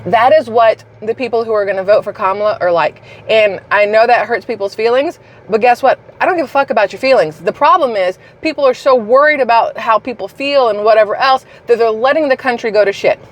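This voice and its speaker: A woman's voice: a little high, fairly quick. A woman ranting about politics in a heated, blunt and profane way, addressing her viewers directly. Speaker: political commentary vlogger.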